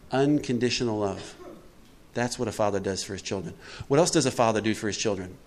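A middle-aged man with a lowish voice gives a twelve-step recovery talk to a group, speaking a little fast. He's conversational yet emphatic, often putting questions to his listeners.

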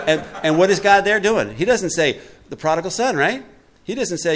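A man's voice: on the high side, lively intonation, a little fast, a bit bright. A middle-aged man giving a twelve-step recovery talk to a group, conversational and emphatic, often putting questions to his listeners.

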